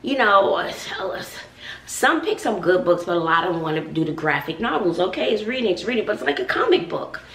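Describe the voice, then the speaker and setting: Sassy chatty woman with a gravelly voice. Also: on the low side, very animated, a little fast, a bit bright, far from the mic. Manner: sassy, chatty, addresses viewers as y'all. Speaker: schoolteacher. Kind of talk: casual vlog chat while cooking. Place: home kitchen. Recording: echoey room, voice off-mic.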